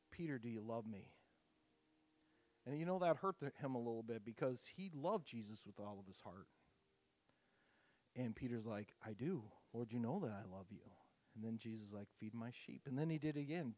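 A man preaching a communion sermon, telling the story casually with fillers, rising to loud emphatic peaks and dropping to hushed softness. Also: mid-range voice. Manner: casual, repeats words and uses fillers. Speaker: pastor leading communion.

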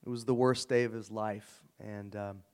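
A middle-aged man preaching a sermon, telling stories and acting out both sides of a conversation with lively energy. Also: fairly low pitch, normal speed, clear, resonant tone. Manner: storytelling, animated, acts out dialogue. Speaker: guest preacher.

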